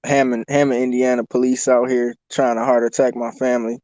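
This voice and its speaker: A man's voice: mid-range voice, little pitch movement, a little fast, a little mellow, dry recording. A male caller on a live talk show, greeting everyone energetically and speaking in street slang.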